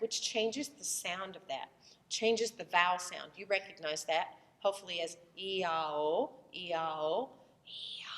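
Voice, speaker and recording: A woman's voice: medium pitch, fairly bright tone, in a large hall. A woman voice teacher who has a cold, explaining the vocal tract in a loose, conversational lesson and breaking into short vowel demonstrations.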